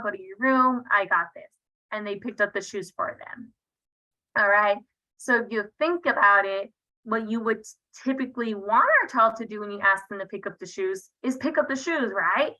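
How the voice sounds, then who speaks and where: A woman's voice: on the high side, bright, forceful tone, rough recording. A woman presenting an online parenting workshop over a video call, talking casually and checking in with her listeners often. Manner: conversational, checks in with frequent "right?". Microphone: video call computer mic.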